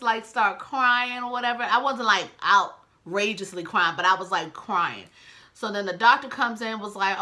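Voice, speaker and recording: A woman's voice: mid-range voice, moderate pace, bright, forceful tone. A woman in her twenties telling an emotional personal story to her viewers in a chatty, casual vlog. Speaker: vlogger.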